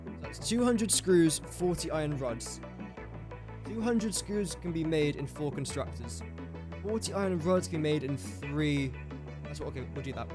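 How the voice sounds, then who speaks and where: English streamer thinking aloud over music. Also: male voice, a little high, expressive, normal speed. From England. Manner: thinks aloud, jokey asides to chat. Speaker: gaming streamer. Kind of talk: casual live-stream commentary.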